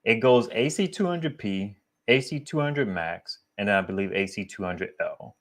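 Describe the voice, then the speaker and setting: Deep-voiced man in a casual vlog. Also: lively intonation, moderate pace, a bit bright. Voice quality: deep bassy voice. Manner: rambling, digressive, slangy and candid. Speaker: solar equipment YouTuber.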